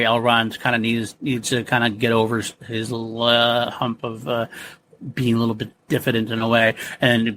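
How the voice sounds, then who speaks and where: A man's voice: medium pitch, bright, forceful tone, a little hiss or hum. A man co-hosting a casual film podcast, enthusiastic and laughing often, quoting lines in passing. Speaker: podcast co-host.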